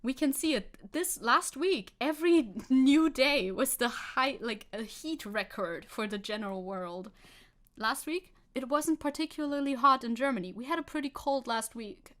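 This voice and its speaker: Woman streamer, casual sarcastic commentary, slightly high voice, frequent laughs. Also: normal speed, fairly bright tone. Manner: sarcastic, laughs often, swears. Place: hot room at home.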